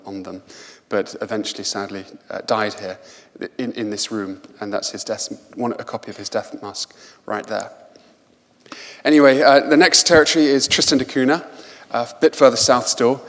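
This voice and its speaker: A man tells travel stories to a lecture audience in a mid-range voice, eager and anecdotal, often doubling back on his words. His voice rings out with a long reverb from the large lecture hall. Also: medium pitch. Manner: lively anecdotal storytelling, self-repeating. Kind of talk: public lecture with slides.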